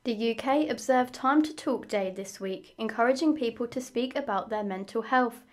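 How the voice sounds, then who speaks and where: A woman news presenter introducing a report in a steady, scripted way. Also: a little high, normal speed.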